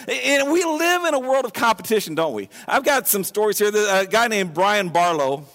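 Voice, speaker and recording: Man preaching in a casual, animated way, fairly high voice, long hall reverb. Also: normal speed, few pauses. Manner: conversational and animated, many restarts. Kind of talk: sermon.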